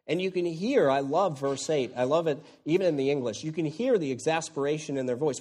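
A man preaching an expository sermon, moving between hushed lines and loud, exclaiming ones. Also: on the high side, brisk, few pauses. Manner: animated, swings from hushed to exclaiming.

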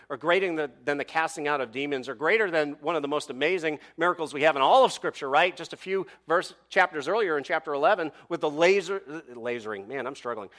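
A man preaching a sermon with dramatic pauses and rhetorical questions, reading scripture and telling a story to his congregation. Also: a little high, a bit bright. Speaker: pastor.

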